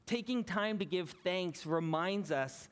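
A Canadian man in his thirties, a pastor giving a sermon in a relaxed, storytelling way. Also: high voice, unhurried, smooth. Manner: conversational, anecdotal, building to a lesson.

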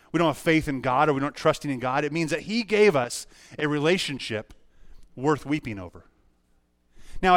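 A man's voice: fairly high pitch, fairly bright tone, no echo, clean studio sound. Earnest man preaching a sermon. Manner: personal, earnest storytelling with many restarts. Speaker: pastor.

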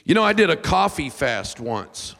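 A pastor with a high, gravelly male voice preaches at normal speed in a church sanctuary, where a large hall adds long reverb. His sermon is full of humorous stories, told in an animated, self-mocking way as he breaks into loud, whiny voices.

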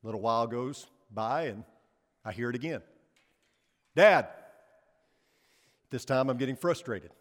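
A man preaching a sermon who tells stories, asks rhetorical questions, and slows down on key words. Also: mid-range voice. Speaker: pastor. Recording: long hall reverb.

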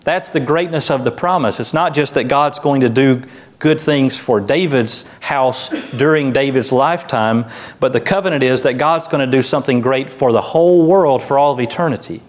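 A man delivers a sermon in a relaxed, conversational way. His voice sits at an ordinary middle pitch. He adds light humor and lifts into lively voices when he quotes. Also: moderate pace. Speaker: pastor.

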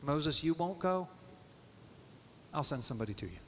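A preacher speaking as God in the first person, earnest and reassuring, declaring mercy and patience. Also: male voice, a little high, animated, normal speed, natural voice. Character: merciful, patient divine male voice of God. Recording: long hall reverb, faint noise.

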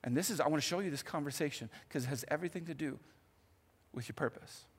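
A male pastor preaching a sermon in a church, telling the story in an animated, conversational way with asides. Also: on the high side, quick pace, husky. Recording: long hall reverb.

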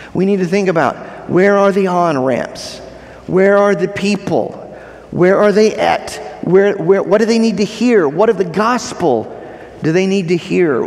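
High-pitched guy preaching in a church, repeats his big lines, keeps asking if you're following, long echo tail. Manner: emphatic, repeats key phrases, asks the congregation questions. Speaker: pastor. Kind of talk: sermon. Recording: long hall reverb.

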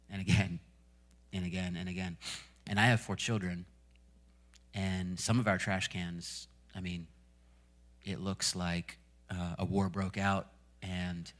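A man's voice: low voice, fairly bright tone. A man in his thirties preaching a sermon in a church, chatty and laughing often, then building to fervent emphasis. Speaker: pastor. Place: church stage with live band. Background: worship music playing.

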